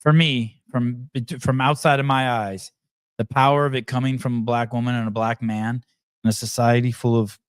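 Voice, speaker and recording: A podcast host with a mid-range, smooth voice speaks in a flat way, recorded with no room sound. He comments casually on the clips he plays, halting often with fillers and restarts, and he's blunt and swears.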